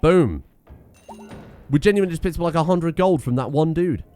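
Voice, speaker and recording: Animated man rambling over gameplay. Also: on the high side, normal speed. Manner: rambling, self-mocking, swears freely. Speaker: gaming streamer. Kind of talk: casual let's-play commentary.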